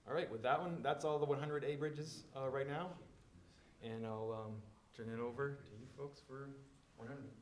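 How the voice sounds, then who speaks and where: A man's voice: mid-range voice, fairly even intonation, normal speed, reverberant, a little hiss or hum. A man presenting engineering plans at a public meeting, explaining in a loose, filler-heavy way.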